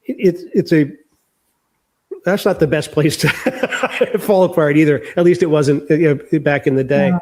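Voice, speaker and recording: A man's voice: a little high, normal speed, a little mellow. An older man speaking candidly and reflectively as an interview guest, sharing his memories. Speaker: author guest.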